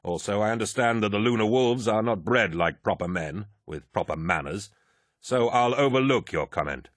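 Man doing a stuck-up proud lord, low voice, looks down on everyone. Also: lively intonation, normal speed, no room sound, clean studio sound. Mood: condescending. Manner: arrogant, condescending. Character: haughty, proud male warrior lord.

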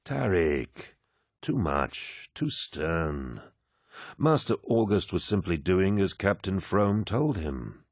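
Guy reading as a measured warlord, deep and slow, soft-spoken audiobook lord. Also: big pitch swings, dry recording, studio quality, heavily acted. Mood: calm authority. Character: calm commanding male warlord, measured and paternal.

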